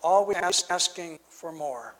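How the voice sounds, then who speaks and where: A man giving a reflective sermon, speaking haltingly with frequent restarts. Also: fairly high pitch, lively intonation, long reverb tail, noisy background. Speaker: preacher.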